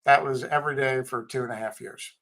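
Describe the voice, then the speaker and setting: Middle-aged guy telling blunt wry war and work stories, candid, mid pitch. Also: fairly even intonation, brisk, creaky, fairly bright tone, rough recording. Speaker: guest, tech company CEO and Marine veteran. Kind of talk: casual storytelling in a podcast interview.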